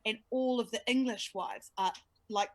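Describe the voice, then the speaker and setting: A woman, a sports broadcaster telling a lively story in casual podcast chat and acting out quotes. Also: on the high side, normal speed, dry recording. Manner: animated storytelling, acts out quotes.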